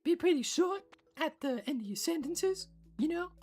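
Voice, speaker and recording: A woman's voice: high voice, lively intonation, normal speed, a little mellow, faint music behind, pitched above the performer's own voice. A woman voicing a whimsical game character, speaking breathily with a musical, rhythmic lilt and short sentence endings. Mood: coaching.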